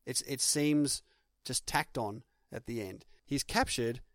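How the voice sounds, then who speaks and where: An Australian man in his twenties or thirties chatting about movies with a friend. He is outspoken and critical, pushing his point again and again, at a medium pitch. His voice sounds close and dry, with no room echo. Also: takes it slowly, a bit bright. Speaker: podcast co-host. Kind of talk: casual film discussion.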